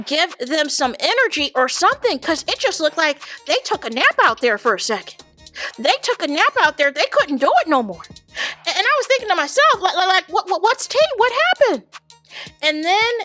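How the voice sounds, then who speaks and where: A woman's voice: high-pitched, pushed and bright. A woman hosting a reality TV reaction show, talking casually and animatedly to viewers she calls "y'all", repeating words for emphasis. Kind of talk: casual commentary.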